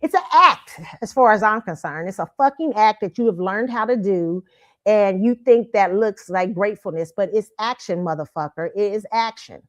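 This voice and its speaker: A woman's voice: mid-range voice, moderate pace, darkish tone. A woman host giving a blunt, profane and mocking opinion rant. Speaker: show host. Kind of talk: ranting opinion commentary. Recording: slightly dull lo-fi audio.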